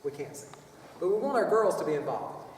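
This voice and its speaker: A man's voice: on the high side, sing-song, a little fast, a little hiss or hum. A man leading a children's choir workshop, chatty and rambling, with playful vocal demonstrations. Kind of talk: music workshop lesson. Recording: echoey hall from far off.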